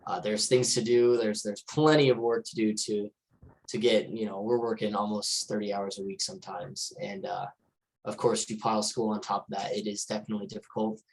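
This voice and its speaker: A man's voice: fairly low pitch, steady tone, fairly quick, a little hiss or hum, low-quality recording. A man in student government giving candid, self-deprecating answers with many fillers. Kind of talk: casual panel answer.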